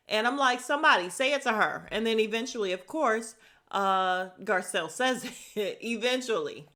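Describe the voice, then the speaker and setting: Bright, gossipy woman recapping. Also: a little high, moderate pace. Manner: animated, gossipy, acts out quotes from the show. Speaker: podcast host recapping a reality show. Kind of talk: casual recap chat.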